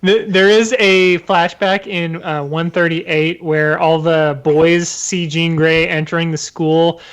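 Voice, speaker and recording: Male co-host, smooth resonant voice, a bit higher than usual, quick to laugh. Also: steady tone, fairly bright tone. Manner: laughs easily, adds trivia. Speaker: podcast co-host. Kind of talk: casual comics chat.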